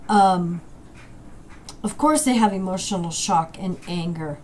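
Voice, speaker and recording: A middle-aged woman vlogging from home, speaking emotionally and haltingly and apologizing as she goes. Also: fairly low pitch, darkish tone, slight background noise. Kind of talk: emotional commentary vlog. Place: home with a dryer running. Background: a dryer running.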